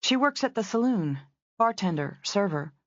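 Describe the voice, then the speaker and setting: A woman doing a brisk, confident ranch manager. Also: mid-range voice, animated, dry recording, muffled recording, pitched above the performer's own voice, close to an everyday voice. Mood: alert.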